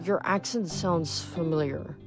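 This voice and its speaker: A cocky teenage hero, quick with a joke and unimpressed by danger, as a woman reading aloud voices him. The tone stays a little low, with faint music underneath. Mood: flippant. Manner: flippant, wisecracking.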